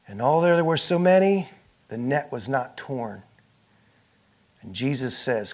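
A male pastor preaching a sermon, moving between loud, emphatic passages and quiet, hushed ones, and voicing the people in the scripture he reads. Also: mid-range voice, lively intonation, measured pace, long pauses. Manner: acts out speakers in the scripture he reads.

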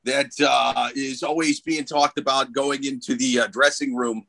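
A man's voice: medium pitch, steady tone, normal speed, creaky, fairly bright tone. A man voicing a male conspiracy believer who coaxes and pleads in a wheedling way. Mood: coaxing.

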